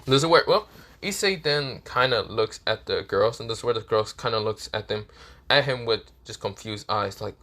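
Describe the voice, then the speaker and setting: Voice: mid-range voice, moderate pace, fairly bright tone. Rambly fan-fic narrator, tons of fillers, keeps correcting themself, super casual retelling.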